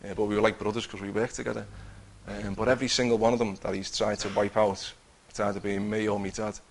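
A man's voice: lowish voice, flat delivery, fast talker, slight background noise. A man giving an earnest personal testimony, telling his story with many restarts. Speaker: testifying believer.

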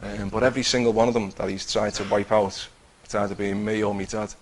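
Speaking quickly in a lowish, flat voice, this man recounts his faith testimony casually, voicing his own lines and those of others. He frequently starts over mid-thought. The audio is poor and carries a little background noise.

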